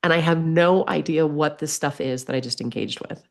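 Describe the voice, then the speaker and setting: A woman telling a personal story as a podcast guest, lively, acting out the voices she quotes. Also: sits low, fairly quick, vocal fry. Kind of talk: storytelling in conversation.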